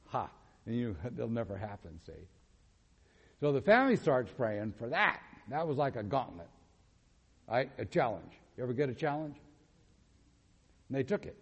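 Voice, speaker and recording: A male preacher tells a story from the pulpit in a sermon, putting on the voices of the people in it and checking in with the congregation as he goes. His voice sits at an ordinary middle pitch. The sound carries a long reverb from a large hall. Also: moderate pace, pauses often, lo-fi sound. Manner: animated, acts out quotes, asks the audience questions.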